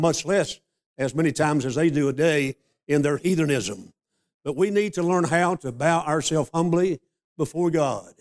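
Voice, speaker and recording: An older man preaching a sermon, a folksy storyteller who slows down to stress scripture. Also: on the high side, darkish tone. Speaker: pastor.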